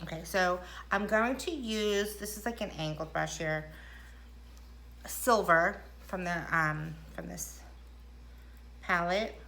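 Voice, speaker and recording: A woman's voice: on the low side, takes it slowly, vocal fry, pauses often, sharp tone, a little hiss or hum. A middle-aged woman chatting casually through a makeup tutorial at home, rambling and self-deprecating. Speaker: makeup vlogger. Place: indoors at home.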